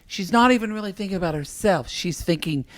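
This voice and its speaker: A man's voice: high voice, fairly quick. A man co-hosting a podcast, casually retelling scenes and acting out the lines. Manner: animated retelling, acts out quotes, many fillers. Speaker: podcast co-host. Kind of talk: casual recap chat.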